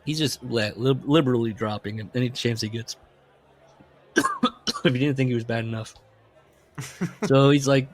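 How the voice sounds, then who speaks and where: A man's voice: medium pitch, measured pace, long pauses. A man co-hosting a casual book discussion podcast, recounting the plot and reading character dialogue aloud with frequent fillers. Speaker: podcast co-host.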